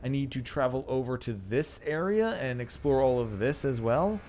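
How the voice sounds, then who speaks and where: A man's voice: medium pitch, expressive, moderate pace, darkish tone, a little hiss or hum. A man streaming a game live, chatting casually and ranting with lots of swearing and laughter. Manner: rambling, profane ranting with frequent laughs.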